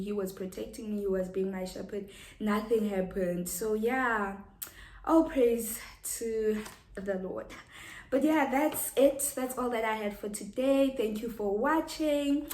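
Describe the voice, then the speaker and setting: A woman from Africa, sharing a casual Christian devotional in an earnest way, repeating words and filling pauses. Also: mid-range voice, darkish tone, echoey room. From South Africa. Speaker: Christian vlogger.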